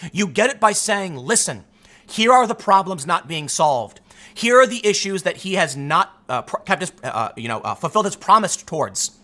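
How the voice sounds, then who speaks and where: Guy doing political commentary, punchy and argumentative, bright voice, lots of up and down. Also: sits high. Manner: emphatic, argumentative, acts out quotes in other voices. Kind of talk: solo commentary to camera.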